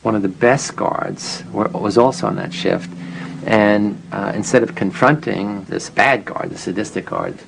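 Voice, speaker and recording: A man with a deep, heavily gravelly voice speaks in a documentary interview. He tells the story reflectively and slips into the voices of the people he quotes, with a faint hiss of room noise behind him. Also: measured pace. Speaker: interviewee recalling the experiment he ran.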